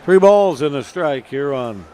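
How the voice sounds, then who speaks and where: A man calling baseball play-by-play on the radio in steady, measured calls, with scoreboard updates. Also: on the high side, slight background noise. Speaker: play-by-play announcer.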